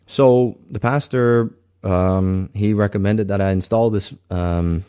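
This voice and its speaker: A man tells a personal testimony in a lowish voice. His tone is mellow and soft-edged. He speaks earnestly and haltingly, and he often restarts his sentences. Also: fairly even intonation, clear, resonant tone. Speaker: guest sharing a faith testimony.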